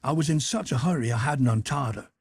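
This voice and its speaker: A man narrating an audiobook in the first person, steady storytelling in old-fashioned dialect. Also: mid-range voice, quick pace, breathy edge, no room sound, clean studio sound.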